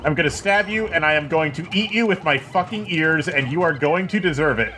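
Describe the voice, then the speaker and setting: A man's voice: a little high, brisk, bright, forceful tone, slight background noise. A man giving let's-play commentary in a profane, joking, rambling way, with game music playing behind him. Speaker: gameplay commentator.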